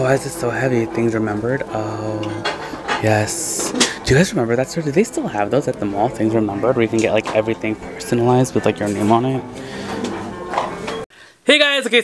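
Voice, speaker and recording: A man chatting casually as a vlogger out thrift shopping, excitable and full of "like". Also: medium pitch, no room sound. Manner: excitable, chatty, heavy use of "like". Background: background music.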